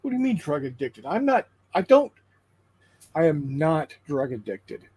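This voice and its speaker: A man on a tabletop gaming stream telling a long joke in casual chat, halting and repeating his words as he goes. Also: a little high, very animated, a little mellow, slightly rough, rough recording. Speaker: co-host of a tabletop painting stream.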